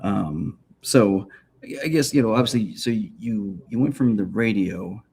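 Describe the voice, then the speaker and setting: A man hosting a podcast who asks his questions in a halting, searching way, with many restarts. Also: lowish voice, vocal fry, darkish tone, a little hiss or hum. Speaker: podcast host. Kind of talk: casual interview chat.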